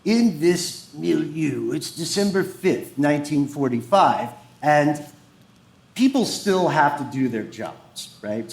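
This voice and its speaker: A man's voice: a little high, darkish tone. A man co-hosting a podcast, telling a story before a live audience in a dramatic, suspense-building way. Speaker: podcast co-host. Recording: roomy live venue.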